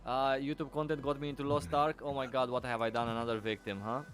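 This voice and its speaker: A man hosting a live stream with an even, middle-pitched voice, chatty and friendly as he reads out and answers his viewers. Soft music plays faintly underneath. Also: fast talker. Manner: greets and thanks viewers by name, chatty. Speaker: livestreamer. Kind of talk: casual livestream chat.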